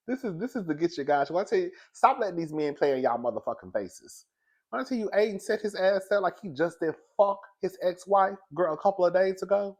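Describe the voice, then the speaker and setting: A man's voice: a little high, lively intonation, moderate pace. A young man recapping a TV episode in a sassy, gossipy way, laughing often and calling his listeners girl and baby. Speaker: TV show reviewer. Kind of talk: animated casual recap.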